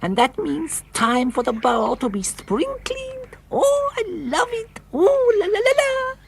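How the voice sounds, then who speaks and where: A man voicing a fussy female Womble cook with a put-on French accent in a high, sing-song, fluttery children's TV voice. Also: big pitch swings, a little slow, vocal fry, a little hiss or hum, heavily acted. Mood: delighted. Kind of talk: 1970s children's TV character voice.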